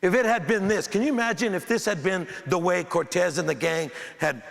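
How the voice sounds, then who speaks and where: Gravelly, slightly high man, keynote speaker, animated and playful with the crowd, reverberant auditorium. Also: fairly quick. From United States. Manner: animated, emphatic, joking with the audience. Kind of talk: keynote speech with comic storytelling. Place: large auditorium before an audience. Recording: echoey hall with faint crowd.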